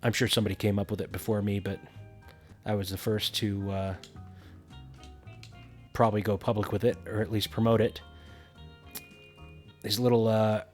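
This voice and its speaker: A man's voice: fairly low pitch, level tone, normal speed, long pauses, a little mellow, faint music behind. A man casually narrating a building game tutorial, thinking aloud with frequent fillers.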